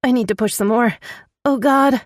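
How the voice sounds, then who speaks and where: A woman voicing a frightened young woman in labor, with high, pleading, tearful cries. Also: moderate pace, no echo, studio quality, natural voice. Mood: straining.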